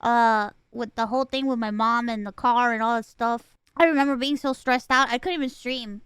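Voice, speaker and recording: High-voiced, bright woman streamer, emotional. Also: steady tone, normal speed, smooth, no room sound. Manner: emotional, rambling, swears freely. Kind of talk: casual storytelling on stream.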